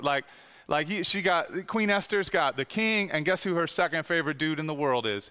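A man delivers a sermon in a lively, conversational way, breaking into quick asides and acted-out voices. His voice is bright and forceful and sits a little high. It rings out with the long reverb of a large hall. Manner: animated, conversational preaching with many asides and quoted voices. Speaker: pastor. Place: church hall.

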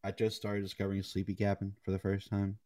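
Low-voiced young man, laid-back. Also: monotone, quick pace, warm tone. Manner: laid-back, swears casually, laughs often. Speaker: podcast co-host. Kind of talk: casual chat.

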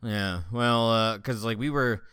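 A man's voice: mid-range voice, measured pace, smooth, no echo, clean studio sound. A man telling stories in a casual, profane chat with a friend, often laughing. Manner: profane, laughing, animated storytelling. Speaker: friend chatting.

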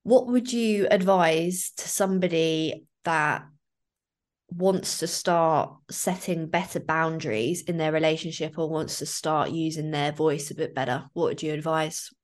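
Low-voiced woman, chatty host. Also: steady tone, measured pace. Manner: chatty, storytelling with many fillers. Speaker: podcast host. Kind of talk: casual chat.

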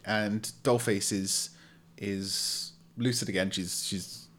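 A man running a tabletop roleplaying game, narrating scenes and reading out rules. He has a low voice and speaks slowly, hesitating as he picks his words. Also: steady tone, fairly bright tone. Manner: halting, many fillers and restarts. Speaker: game master.

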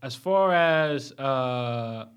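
A man's voice: mid-range voice, very slow, clear, resonant tone. A young man in casual chat with friends, telling stories in slang with lots of fillers. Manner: animated storytelling, slangy, many fillers.

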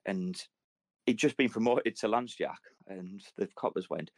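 A man's voice: lowish voice, gravelly, dry recording. A man, hosting a podcast, telling army stories in casual, sweary banter and acting out the voices of the people in them. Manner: fast storytelling, acts out quoted lines. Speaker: podcast host.

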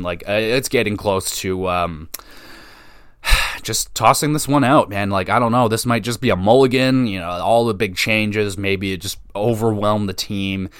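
A man's voice: fairly low pitch, a bit bright, no echo, clean studio sound. A young man hosting a casual hockey podcast, rambling and cursing in frustration. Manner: frustrated, profane, rambling rant. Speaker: podcast host.

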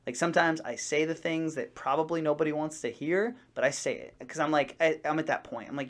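A man co-hosting a casual podcast, telling stories in a rambling, animated way with many restarts. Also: on the high side, quick pace, hardly any pauses. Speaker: podcast co-host. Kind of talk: casual chat.

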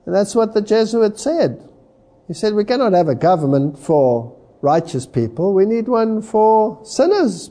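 Male preacher, high lively delivery, slow and emphatic sermon reading. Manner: slow, emphatic, dramatic swings in pitch.

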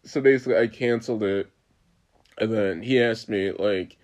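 A man's voice: lowish voice, moderate pace, a little mellow. A young man co-hosting a podcast, telling stories in casual chat and laughing often. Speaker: podcast co-host.

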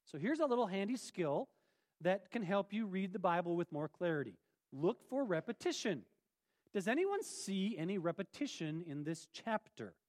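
A pastor preaching a sermon in a conversational, playful way, asking the congregation questions. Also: male voice, high voice, big pitch swings, normal speed, darkish tone.

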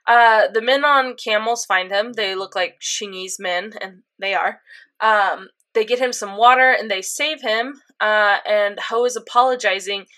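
A young woman chatting casually, retelling an episode with lots of fillers and animated reactions. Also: mid-range voice, unhurried. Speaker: co-host recapping an anime episode. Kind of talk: casual chat.

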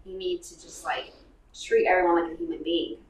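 Young woman, podcast co-host, chatty and emphatic, lower voice, a bit off-mic. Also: little pitch movement, fairly quick, far from the mic, poor audio. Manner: chatty, emphatic, voice drops low at the ends of lines. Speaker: podcast co-host, wedding planner. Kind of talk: casual chat.

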